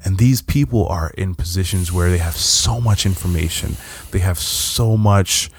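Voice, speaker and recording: Joking low-voiced podcast man. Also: moderate pace, slight background noise. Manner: animated, joking, crude. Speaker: podcast co-host. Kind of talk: casual chat.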